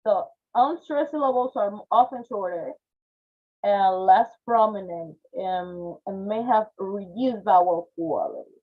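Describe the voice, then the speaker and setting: A woman's voice: mid-range voice, measured pace. A woman teaching a phonetics class online, explaining step by step and checking in with "okay?", with Spanish as her first language. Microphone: video call. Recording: tinny phone-like video call audio.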